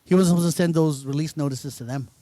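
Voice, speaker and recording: A man co-hosting a casual podcast chat, playful and quick to laugh. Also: a little high, warm tone, no echo. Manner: laughs often, playful banter. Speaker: podcast co-host.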